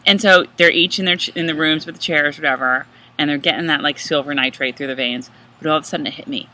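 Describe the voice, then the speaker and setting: A woman co-hosting a podcast, chatting in an animated, agreeable way. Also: low-pitched, fast talker, low-quality recording. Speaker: podcast co-host. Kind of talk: casual chat.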